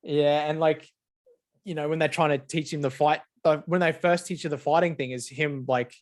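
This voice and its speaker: A man's voice: fairly high pitch, steady tone, normal speed. A man co-hosting a podcast in laid-back, sweary casual chat, laughing often. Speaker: podcast co-host.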